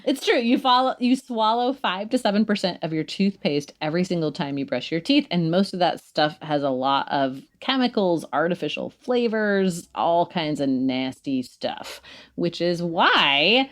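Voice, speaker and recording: A woman's voice: fairly low pitch, animated, normal speed. A woman podcast co-host doing a casual, joking host-read ad and laughing often.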